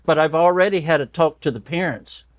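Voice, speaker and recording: Brisk and a little high, an older doctor's voice comes through without echo as he tells stories in conversation as a guest. He acts out the quoted voices with animation and tears up.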